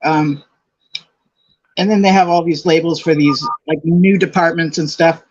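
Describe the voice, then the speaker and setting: Husky older woman, lo-fi. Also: deep voice, fairly even intonation, measured pace, darkish tone. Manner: thoughtful, reasoning aloud. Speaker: co-host. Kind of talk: casual commentary chat.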